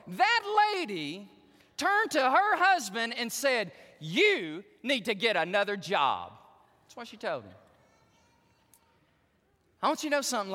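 A male pastor preaching a sermon, telling stories in an animated way and speaking directly to the women listening. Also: very high-pitched, big-room sound. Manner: animated storytelling, addresses the women in the audience directly.

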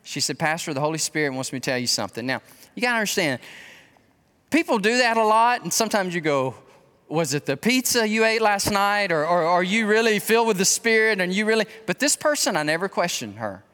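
A man in his fifties preaching a conversational sermon, telling stories in an animated way with quick asides. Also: high voice. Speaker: pastor. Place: church sanctuary. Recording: long hall reverb of a church.

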